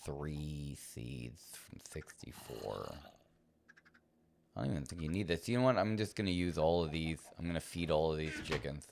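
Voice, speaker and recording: A man's voice: extremely low pitch, expressive, moderate pace, vocal fry, a little hiss or hum. A man casually commenting as he plays a game, playful and rambling, talking to himself and to the game. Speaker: streamer.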